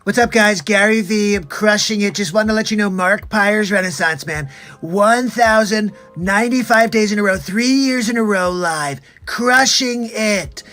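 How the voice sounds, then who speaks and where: A man doing a comedic impression of a hyped-up male entrepreneur, pushy and loud. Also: high-pitched, normal speed, soft background music.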